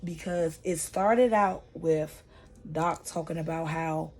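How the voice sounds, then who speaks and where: Slangy, low-voiced woman recapping a show. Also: takes it slowly. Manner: slangy and profane, chatty storytelling; often shifts pace and loudness. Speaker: vlogger reviewing a TV series. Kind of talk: casual TV episode recap.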